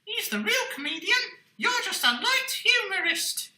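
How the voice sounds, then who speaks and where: A man's voice: extremely high pitch, sing-song, unhurried, pushed and bright, recorded from a distance, pitched above the performer's own voice, exaggerated voice. A man voicing an immature, cheeky puppet boy who teases and insults his handler. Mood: mocking. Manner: teasing, blunt insults. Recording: roomy echo.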